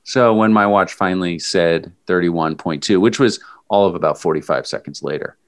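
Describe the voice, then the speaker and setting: In a relaxed conversation, a man with a very deep, smooth voice recounts a long run at a moderate pace. He tells it as an animated story, now and then jumping up into loud mimicry.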